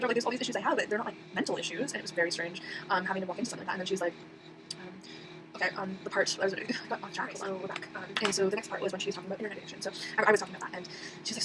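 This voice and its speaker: A woman's voice: medium pitch, steady tone, very fast. A young woman telling a personal story in a rambling casual monologue, full of fillers and restarts. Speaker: vlogger. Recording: audible background noise.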